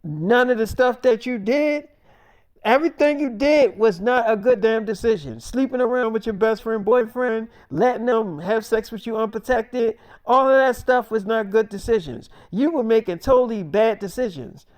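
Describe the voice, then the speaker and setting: A man's voice: very high voice, normal speed, darkish tone, no room sound. A man voicing a blunt, disappointed mother lecturing her daughter in a storytelling rant. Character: scolding middle-aged mother, disappointed and blunt. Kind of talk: acted-out storytelling.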